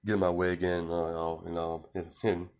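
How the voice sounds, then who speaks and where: Man doing a bully boy, boastful, dismissive, deep voice, muttered taunts. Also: flat delivery, moderate pace, a little mellow.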